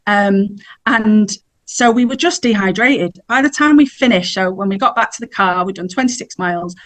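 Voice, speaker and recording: A woman's voice: medium pitch, normal speed, a bit bright. A middle-aged woman, telling a personal story in a chatty way as a podcast guest and laughing now and then. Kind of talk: casual storytelling.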